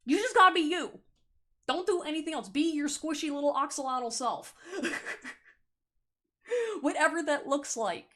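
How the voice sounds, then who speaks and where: A woman with a fairly high voice gives a pick-a-card tarot reading straight to camera. She is animated and playful, blunt with her viewers, and often laughs. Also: normal speed, pauses often. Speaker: tarot reader.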